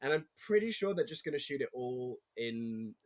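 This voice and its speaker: A man's voice: mid-range voice, moderate pace. Englishman chatting as a podcast guest. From England. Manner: animated storytelling, acts out quotes, laughs easily. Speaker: actor guest. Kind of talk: casual interview chat.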